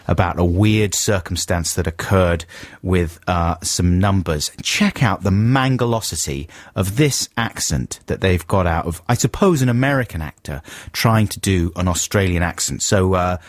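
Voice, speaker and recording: A man's voice: sits low, dry recording. A man hosting a radio show, talking animatedly in a mock-outraged, chuckling way. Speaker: radio host. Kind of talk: casual radio banter. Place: radio studio.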